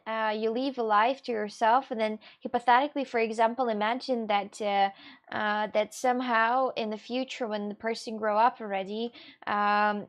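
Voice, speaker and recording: Young female streamer, casual and talkative, slightly high pitch, drops the odd swear. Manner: chatty, rambling, swears casually. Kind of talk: casual live-stream chat with viewers.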